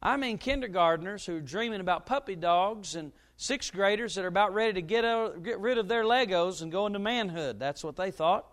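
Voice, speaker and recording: A middle-aged man, a pastor, preaching a sermon and telling a story, his voice now and then jumping up loud. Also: sits high, expressive, fairly quick, few pauses. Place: church.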